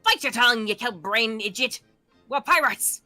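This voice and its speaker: A woman voicing a loud blustering pirate brigand. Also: on the high side, animated, moderate pace, soft background music. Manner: gruff, shouty sea-dog bluster. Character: boisterous brash pirate brigand, male. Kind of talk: reading game dialogue aloud in voices.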